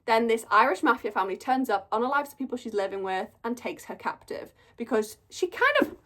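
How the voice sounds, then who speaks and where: A woman's voice: a little high, expressive, fairly quick, fairly bright tone. A young woman chatting casually through a monthly reading wrap-up, gushing and storytelling with lots of "like". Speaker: book reviewer.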